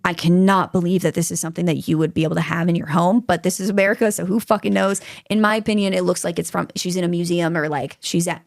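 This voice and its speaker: A woman's voice: fairly low pitch, steady tone, quick pace, creaky, few pauses, no echo, clean studio sound. A woman hosting a true-crime podcast, talking casually and getting worked up, swearing freely. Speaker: podcast host.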